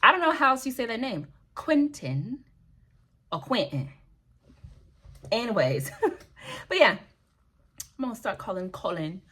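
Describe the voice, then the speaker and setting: A woman's voice: a little high, sharp tone. A woman vlogging at home in a casual, rambling, playful way, often laughing at herself. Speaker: beauty and lifestyle vlogger. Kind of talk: casual chatty vlog.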